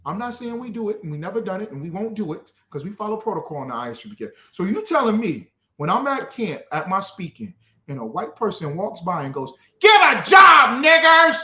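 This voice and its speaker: A man preaching fiercely, swinging between shouts and low, muttered lines. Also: sing-song, fast, reverberant. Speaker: street preacher. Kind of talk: fiery street preaching.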